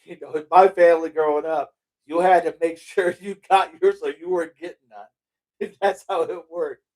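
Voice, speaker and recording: Rambling, chuckling middle-aged man, slightly high voice. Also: steady tone, normal speed, darkish tone. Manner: rambling, loses his train of thought, laughs and swears casually. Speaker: livestream host reading viewer chat. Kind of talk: casual chat.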